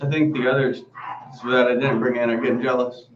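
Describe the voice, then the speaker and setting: A man's voice: medium pitch, little pitch movement, a little fast, slight background noise. Giggly kinda shy guy on a video call, far from the mic, echoey and muffled. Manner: upbeat, giggly, a little shy. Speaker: interview guest. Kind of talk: casual interview. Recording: distant, dull, echoey call audio.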